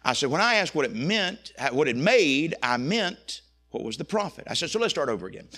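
A man's voice: on the high side, very animated, a little fast, few pauses, bright, forceful tone, husky. A man preaching a sermon, telling folksy stories and rising into impassioned preaching.

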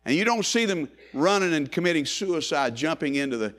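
A man delivers a sermon in an expressive, fairly quick way, swinging between loud rising calls and hushed low phrases while repeating lines in a building cadence.

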